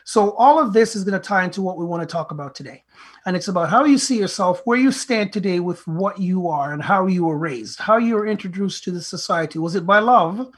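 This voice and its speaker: A podcast host with a husky, expressive, medium-pitched voice talks a little fast. The talk is earnest and motivational, even preachy, packed with rhetorical questions and direct advice to listeners, and includes a fable retold in plain speech.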